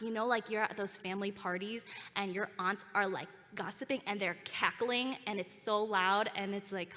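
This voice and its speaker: A woman's voice: medium pitch, pushed and bright. A young woman giving a heartfelt ceremony speech in a school auditorium. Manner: earnest and heartfelt, leads a call-and-response. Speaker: alumni keynote speaker. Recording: reverberant hall.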